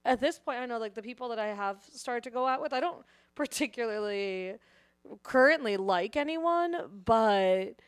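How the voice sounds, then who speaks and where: A woman's voice: fairly high pitch, lively intonation, moderate pace, smooth, no echo. Chatty young woman, dry close sound. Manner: chatty, laughs often, heavy use of "like". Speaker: comedian guest. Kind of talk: casual podcast chat.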